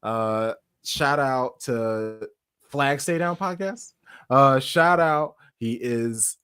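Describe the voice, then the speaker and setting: A man's voice: medium pitch, very slow, fairly bright tone, smooth, no room sound, studio quality. A man hosting a casual online soccer talk stream, joking and laughing easily. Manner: laughing, joking, self-deprecating. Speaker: podcast host. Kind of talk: casual chat.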